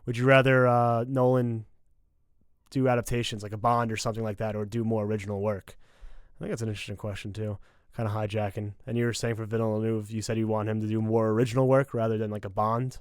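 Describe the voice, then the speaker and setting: A man's voice: on the low side, level tone, fast talker, smooth, no echo, clean studio sound. A young man hosting a podcast, chatting casually in an enthusiastic, rambling, self-deprecating way. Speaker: podcast host. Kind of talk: casual chat.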